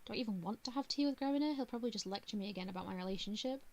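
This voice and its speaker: A woman streamer reading a visual novel aloud, with animated, chatty asides to her viewers. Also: mid-range voice, very fast. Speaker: VTuber streamer.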